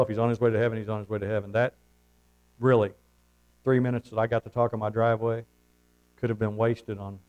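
A man's voice: mid-range voice, a little mellow, rough recording. Man, pastor, preaching with homespun anecdotes and amen calls. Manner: folksy storytelling preacher, calls for amens. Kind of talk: sermon.

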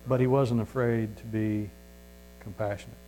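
Folksy preacher with a hum. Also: male voice, lowish voice, fairly even intonation, moderate pace, mellow, poor audio. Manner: emphatic, folksy, rising for emphasis. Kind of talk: sermon. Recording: mains hum.

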